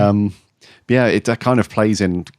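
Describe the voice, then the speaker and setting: A podcast co-host with a lowish, slightly mellow voice chats casually at a measured pace, rambling with fillers and laughing often. The clean studio recording has a clean tone and no room sound.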